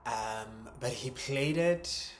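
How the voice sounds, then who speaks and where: A man talking through a personal creative journal in a reflective vlog, hesitant, with many ums, restarts and soft chuckles. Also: medium pitch, extremely slow, a little hiss or hum. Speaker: vlogger.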